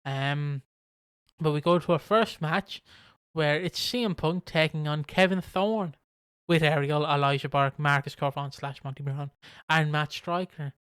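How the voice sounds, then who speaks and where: A man co-hosting a casual podcast, his voice pitched a little high with a smooth, clean tone. He rambles through recaps with plenty of swearing. The sound is dry and close, with no room echo. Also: measured pace, fairly bright tone. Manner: rambling, swears, acts out quotes. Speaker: podcast co-host. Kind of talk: casual chat reviewing wrestling.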